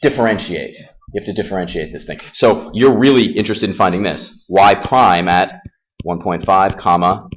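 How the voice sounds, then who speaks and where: A man teaching a calculus class in a classroom, casual and self-deprecating, firing quick questions at his students. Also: deep voice. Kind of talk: classroom math lesson.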